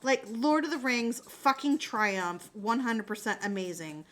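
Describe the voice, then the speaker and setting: A woman in a casual live-stream chat, talking straight to her viewers in an animated way and swearing freely. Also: a little high, a little slow, soft background music.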